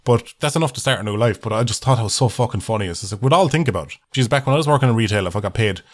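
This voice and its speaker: A man's voice: on the low side, very fast. Sweary ranting man. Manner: sweary, mocking, laughs often. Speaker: comedy vlogger. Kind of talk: casual ranting monologue.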